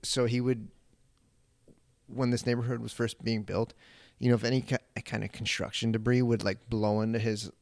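A man's voice: mid-range voice, level tone, moderate pace, creaky, a little mellow, no room sound. A man guesting on a podcast, telling a rambling, profane story in casual chat, full of "like" fillers.

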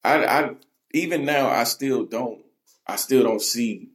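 A man hosting a podcast in casual chat, halting and repeating words as he reassures his guest. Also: mid-range voice. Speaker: podcast host.

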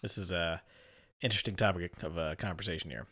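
Low-voiced man, bright and chuckling. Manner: agreeable, chuckling listener, quick to laugh. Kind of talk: casual chat.

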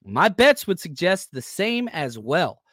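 A man's voice: high voice, very animated, slow pace, fairly bright tone, dry recording, clean studio sound. A man hosting a live sports podcast, talking loosely and energetically while reading chat comments aloud. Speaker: podcast host.

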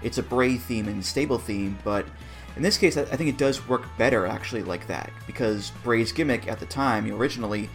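A man's voice: medium pitch, a little fast, soft background music. A man co-hosting a podcast, chatting casually and reassuringly as he breaks down songs. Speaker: podcast co-host. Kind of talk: casual chat about wrestling theme songs.

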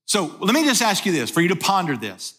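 Pastor, male, high bright voice, chatty sermon delivery full of rhetorical questions. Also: very animated, brisk. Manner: conversational, asks rhetorical questions.

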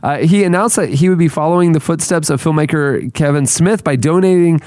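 A man's voice: on the high side, fairly quick, a little mellow, no room sound, studio quality. A man hosting a podcast, running segments and reading an ad in an upbeat, casual way. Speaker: podcast host. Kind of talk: casual podcast chat and read ads.

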